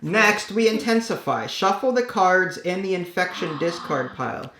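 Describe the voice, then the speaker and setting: A man's voice: high voice, lively intonation, normal speed, bright, forceful tone, a little hiss or hum. Man thinking aloud over a board game. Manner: thinks aloud, counts out actions, reads rules step by step. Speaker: board game channel host. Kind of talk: explaining moves during a board game. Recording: roomy echo.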